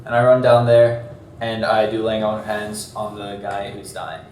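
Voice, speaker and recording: A man playing a tabletop game, talking bluntly and quickly with swearing. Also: lowish voice, level tone, darkish tone, a little hiss or hum. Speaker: player. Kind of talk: casual tabletop play. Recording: roomy, off-mic, faint ambience.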